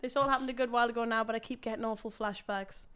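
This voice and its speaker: A woman's voice: a little high, steady tone, rapid-fire, fairly bright tone, a little hiss or hum. A woman guest on a podcast, chatting casually and reading a letter aloud in a giggly, playful way.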